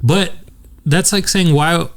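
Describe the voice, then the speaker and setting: A man's voice: a little high, slow. A young man co-hosting a podcast, telling a rambling story in casual chat and laughing often. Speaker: podcast co-host.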